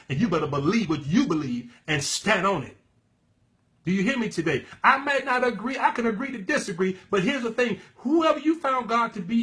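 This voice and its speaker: A man with a high-pitched voice delivers a sermon-style teaching. He preaches with fervent emphasis, addressing his listeners as "baby." He breaks into loud exclamations and bursts of laughter.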